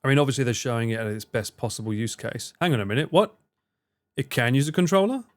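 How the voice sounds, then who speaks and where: A man's voice: medium pitch, animated, quick pace. A man chatting casually on a live stream, rambling and swearing now and then as he reads out and answers viewers' messages. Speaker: livestreamer reading and answering chat.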